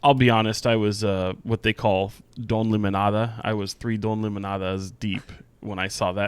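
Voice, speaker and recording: A man's voice: on the low side, little pitch movement, normal speed, hardly any pauses, clear, resonant tone, dry recording. A man co-hosting a casual sports podcast, joking and rambling with restarts. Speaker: podcast co-host.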